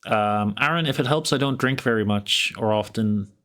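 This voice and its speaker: A man's voice: fairly low pitch, normal speed, a bit bright, clear, resonant tone. A young Irish man with an Irish accent, chatting casually with viewers while running a tabletop game as game master, laid-back and often chuckling. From Ireland.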